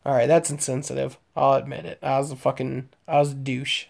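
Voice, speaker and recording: This fairly high-pitched male voice has vocal fry, a slightly mellow quality and a moderate pace with few pauses. The speaker, a late-twenties man from Omaha, Nebraska, United States, casually talks with live-stream viewers, spinning crude, rambling, profane stories loaded with fillers and laughter.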